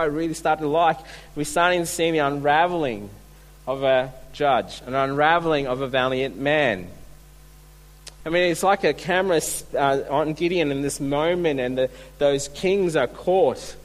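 A man's voice: fairly high pitch, rough recording. A man preaching a sermon, earnest and full of rhetorical questions. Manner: earnest, asks rhetorical questions, restarts words.

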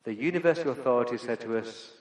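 A man's voice: mid-range voice, fast, darkish tone. A middle-aged man preaching a sermon as pastor, earnest and emphatic with repeated phrases. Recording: echoey church hall with long reverb.

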